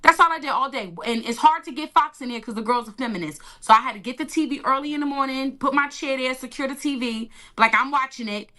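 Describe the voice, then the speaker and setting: A woman giving an emotional personal testimony in an interview, animated and colloquial, acting out the lines she quotes. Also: sits high, fast, hardly any pauses. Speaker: interview guest.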